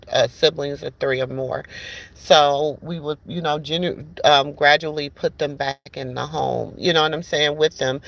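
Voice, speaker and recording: A woman's voice: deep voice, a bit bright. A woman hosting a talk show, chatting casually and calling her listeners "y'all" and "baby" as she tells a story. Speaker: podcast host.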